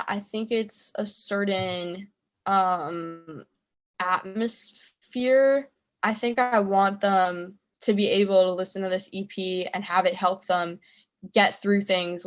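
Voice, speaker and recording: Chatty young woman telling stories. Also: medium pitch. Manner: chatty, laughing storyteller with many fillers. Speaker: musician guest. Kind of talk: casual interview chat.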